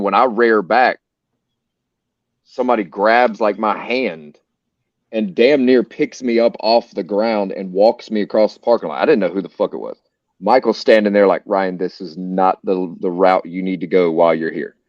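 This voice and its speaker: Low-voiced American man swearing through a story. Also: no echo, highs cut off. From United States. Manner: profane, rambling anecdotes with many fillers. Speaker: stream host. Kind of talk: casual storytelling on a live stream.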